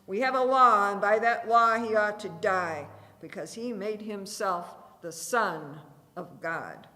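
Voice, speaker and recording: A woman voicing a furious male high priest who shouts accusations at the top of his lungs. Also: animated, takes it slowly. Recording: reverberant church hall.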